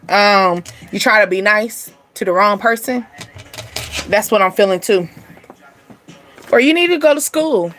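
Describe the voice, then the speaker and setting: A woman's voice: fairly high pitch, a bit bright, a little hiss or hum. A woman hosting a spiritual reading channel, talking casually and bluntly to her viewers with frequent asides. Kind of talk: casual tarot-style energy reading.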